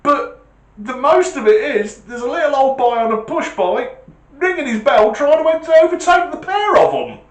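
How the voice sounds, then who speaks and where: A man putting on a country policeman, incredulous and breathless as he reports in. The voice is raised high and swings widely. It is recorded in an echoey room. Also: very animated, normal speed. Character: amazed village police officer, man.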